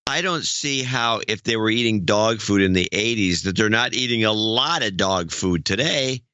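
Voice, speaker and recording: A man's voice: fairly low pitch, lively intonation, moderate pace, pushed and bright, smooth, dry recording, dull audio. A man co-hosting a podcast in casual chat, talking conversationally and drifting into tangents. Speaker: podcast co-host.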